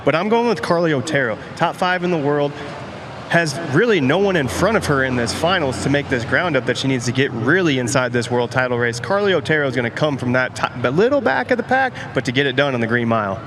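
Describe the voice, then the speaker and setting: A man analyst in a casual panel chat, talking with rapid, enthusiastic hype. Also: medium pitch, noisy background. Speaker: rodeo analyst.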